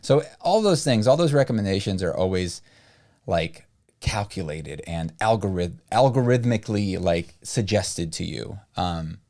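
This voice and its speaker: A man co-hosting a casual podcast-style chat, rambling with lots of fillers. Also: a little slow. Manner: rambling, filler-heavy, lively pitch swings. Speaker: podcast co-host.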